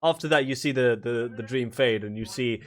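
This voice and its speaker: A man's voice: mid-range voice, normal speed, fairly bright tone. Male game master, casual narration. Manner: casual, descriptive.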